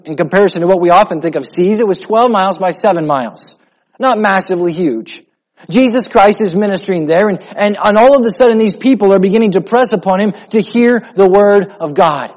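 High-pitched guy preaching a sunday sermon, hammers his points with repetition, slightly muffled, long echo in the church. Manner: emphatic preaching with repetition, drops to a soft voice in prayer. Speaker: pastor. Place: church sanctuary. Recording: muffled sound in a reverberant hall.

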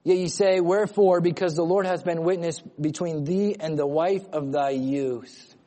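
A man's voice: a little high, steady tone, normal speed, warm tone. A man preaching a sermon with earnest emphasis, reading scripture aloud and then explaining it to his congregation. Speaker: pastor.

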